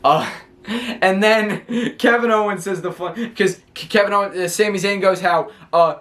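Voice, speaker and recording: Man, slightly high voice, casual vlog recap, rambling, stumbles on words, laughs a lot. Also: normal speed, a bit bright. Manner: rambling, stammering, laughing often. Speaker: wrestling show reviewer.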